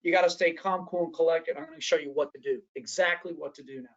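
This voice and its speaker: In a muffled recording, a man with a fairly high voice delivers a training workshop lecture at a quick pace. He's animated, often restarts sentences, and acts out the voices of people he quotes.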